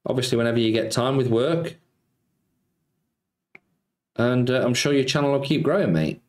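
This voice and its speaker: A man's voice: mid-range voice, normal speed. A man hosting a casual live stream, chatting with viewers and answering their comments. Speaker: slots streamer. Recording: roomy sound with faint music.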